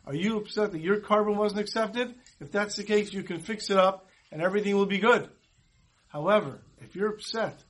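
A man gives a relaxed, storytelling Torah class in a fairly high voice. He talks conversationally and drops Hebrew and Yiddish terms in as he goes. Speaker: rabbi teaching a Torah class. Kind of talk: storytelling sermon.

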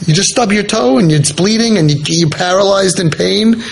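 A man's voice: high voice, normal speed, creaky, slight background noise. A man telling a personal story in an informal talk to a listening group. He speaks earnestly, restarts his sentences often and mixes in religious Hebrew terms. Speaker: speaker on parenting podcast.

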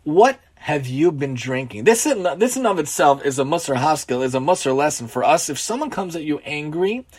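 A man's voice: on the high side, sing-song, fairly quick, hardly any pauses, breathy edge. A man telling a story and drawing a moral lesson from it, talking earnestly with a lot of repetition for emphasis. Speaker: teacher of Musar lessons.

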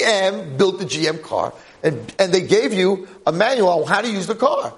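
Older American man, rabbi teaching a class, jokey, a bit high-pitched, rhetorical questions. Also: lively intonation, moderate pace, few pauses. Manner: jokey, acts out quoted voices, punchy rhetorical questions. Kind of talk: animated storytelling lecture.

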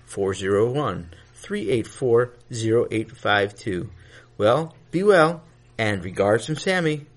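Man reading podcast shout-outs. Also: fairly low pitch, animated, slow pace. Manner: friendly, direct address to listeners. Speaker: podcast host. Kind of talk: show announcements.

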